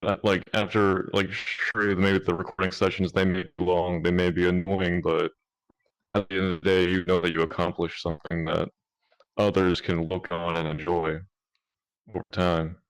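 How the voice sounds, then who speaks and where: Deep-voiced man with a Mississippi accent. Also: level tone, moderate pace. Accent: Southern US, Mississippi. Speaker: guest, amateur voice actor. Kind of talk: casual chat. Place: virtual reality chat room.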